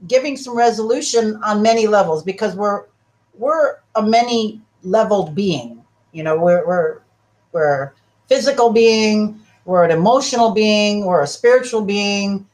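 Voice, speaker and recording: Woman, talk show guest, health practitioner, casual chat, animated, acts out client dialogues. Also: medium pitch.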